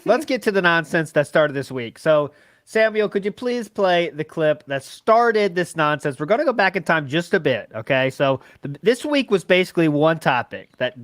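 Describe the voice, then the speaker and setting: A man's voice: a little high, a bit bright, dry recording. Rambling podcast host man, dry sound. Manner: rambling, swears casually, stumbles over words. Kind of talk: casual podcast chat.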